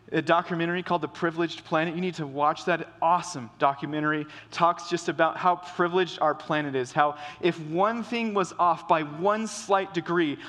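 Male pastor, slightly high voice, off-the-cuff conversational preaching with restarts, long hall reverb. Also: fairly bright tone. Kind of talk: sermon.

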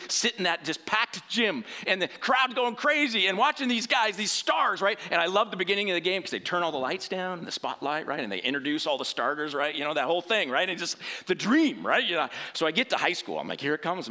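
Lively bright-voiced man telling a story. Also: a little high. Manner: rambling, conversational, tags lines with "right?". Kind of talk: personal storytelling sermon.

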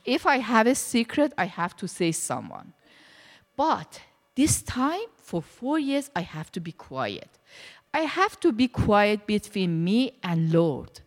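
Animated woman telling her testimony. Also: medium pitch, slow pace, big-room sound. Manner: animated storytelling, acting out quoted dialogue. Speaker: church member sharing testimony. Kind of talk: personal testimony.

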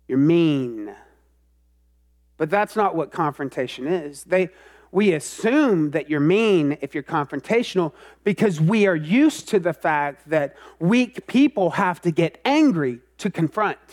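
A man with a fairly high voice preaches an animated sermon. He pokes fun at himself and now and then breaks into loud, rising outbursts. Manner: animated, self-mocking, swings into loud outbursts. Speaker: pastor.

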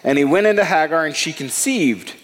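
A male pastor delivering a sermon, retelling a scripture story and reading verses aloud with dramatic pauses. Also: on the high side, expressive, long reverb tail.

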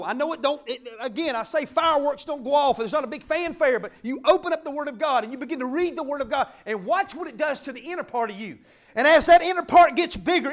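A fervent middle-aged preacher, his voice pitched unusually high. He swings from ringing, emphatic declarations to quiet, intimate asides as he preaches. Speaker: pastor. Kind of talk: sermon.

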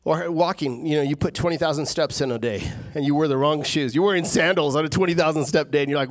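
A man preaching a sermon as the pastor, animated and rising to emphatic peaks. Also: fairly high pitch, fast, hardly any pauses.

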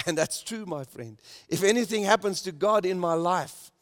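A man preaching a sermon as pastor, emphatic, swelling loud on key points and dropping to a soft, hushed tone. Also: high voice, moderate pace. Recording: long reverb in a hall.

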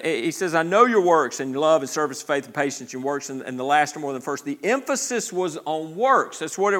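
This pastor's voice sits on the high side and sounds pushed and bright. He preaches in a conversational way, often restarting and repeating words while calling on the congregation for responses.

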